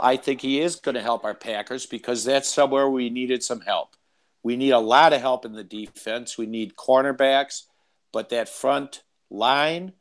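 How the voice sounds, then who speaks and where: Male podcast co-host, mid pitch, halting and stumbling sports talk. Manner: halting starts, repeats words. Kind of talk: casual sports debate.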